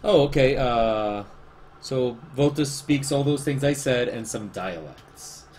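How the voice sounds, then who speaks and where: A man's voice: medium pitch, slow pace, darkish tone, a little hiss or hum. A man with a Spanish accent, a livestreaming artist chatting casually, rambling and self-deprecating as he answers chat.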